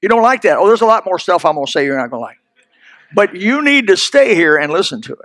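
A man delivering a sermon with a fairly high voice, folksy and emphatic as he presses his points home. The sound is dry and close, with no room echo around him. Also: very animated, quick pace, fairly bright tone. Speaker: preacher.

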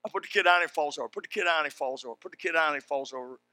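An older man preaching a sermon, telling folksy stories and building up to shouted exhortation. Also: on the high side, very fast, dry recording.

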